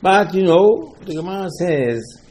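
A man giving a Torah lesson, animated, acting out dialogue with rhetorical questions and mixing Hebrew terms into English. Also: high voice, a little slow. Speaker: Torah teacher. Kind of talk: Torah lesson on the weekly portion.

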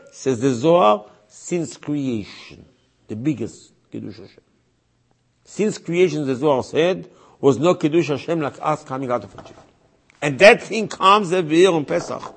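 A man's voice: fairly high pitch, expressive, moderate pace, vocal fry, breathy edge. A man, a rabbi, giving a religious lecture in an emphatic way, repeating his points and acting out voices he quotes.

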